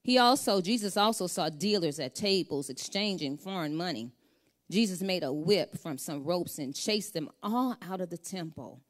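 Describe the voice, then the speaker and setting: A woman's voice: lowish voice, expressive, moderate pace. A middle-aged woman preaching a sermon, reading scripture and building to fervent calls for the congregation to repeat after her.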